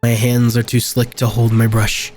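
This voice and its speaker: A man reading a horror game aloud, with quiet reactions between passages, over game music. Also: mid-range voice. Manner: slow, flat narration with quiet reactions. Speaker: gameplay video host.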